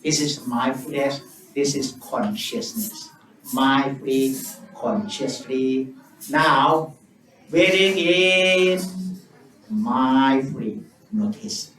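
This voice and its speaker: A man with an Indonesian accent, a Buddhist monk guiding a meditation session in simple, repetitive English with long pauses. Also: mid-range voice, fairly even intonation, a bit bright, slight background noise. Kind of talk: guided meditation teaching. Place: temple or meditation hall. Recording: roomy, distant mic with faint ambience.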